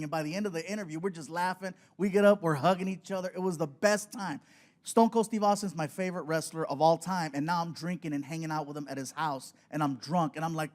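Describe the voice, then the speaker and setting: A male comedian guesting on a talk show, telling a rambling, self-deprecating story with animated energy. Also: fairly high pitch, fast talker.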